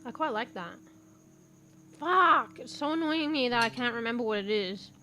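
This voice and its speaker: A woman's voice: fairly high pitch, lively intonation, normal speed, sharp tone, faint music behind. A young woman streaming as a VTuber, chatting casually while eating, swearing freely and laughing often. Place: home room with a fan.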